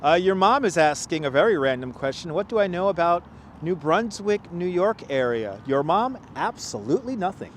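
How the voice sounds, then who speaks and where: A talkative man hosts a walking livestream from a chilly city park, his voice pitched a little high for a man. He chats loosely, laughs often and reads out viewer comments as he goes. Faint street traffic hums behind his clip-on mic. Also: big pitch swings, moderate pace. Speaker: livestream host and tour guide. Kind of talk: casual walking livestream chat. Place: outdoors in a city park at sunset, cold. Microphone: wireless clip-on mic.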